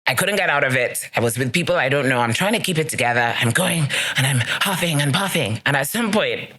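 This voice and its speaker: A woman's voice: a bass voice, expressive, fairly quick, a bit bright, breathy edge. A woman hosting a solo podcast, talking earnestly and emphatically, repeating key phrases as she gives encouragement to listeners. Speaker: podcast host. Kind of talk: solo motivational podcast talk.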